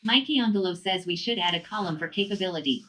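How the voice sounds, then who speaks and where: A synthetic woman's voice reads viewer messages one after another. The delivery is even and mechanical, and the pitch sits a little low. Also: fast talker. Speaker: text-to-speech chat reader. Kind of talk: reading out chat messages.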